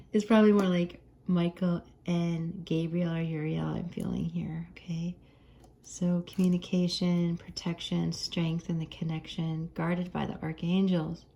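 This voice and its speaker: An American woman talks viewers through a tarot reading in a gentle, chatty way, laughing easily as she goes. Her voice sits a little low and sounds mellow and warm. The mood is casual and friendly. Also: slight background noise. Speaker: tarot card reader.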